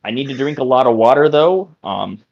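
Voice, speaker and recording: A man's voice: medium pitch, expressive, brisk, gravelly. A man voicing a nervous, broke young stretchy hero who hesitates and fills his speech with ums. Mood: unsure. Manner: hesitant, full of ums, eager to please. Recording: dull lo-fi audio.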